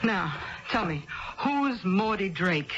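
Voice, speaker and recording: A determined middle-aged wife playing detective, earnest and a little halting as she pushes ahead. Her voice sits at a middle pitch. The sound is dull and lo-fi, like an old radio broadcast. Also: big pitch swings, fairly bright tone, slightly rough, exaggerated voice. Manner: earnest, slightly halting, puts on a phony French accent. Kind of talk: 1970s-80s radio drama acting.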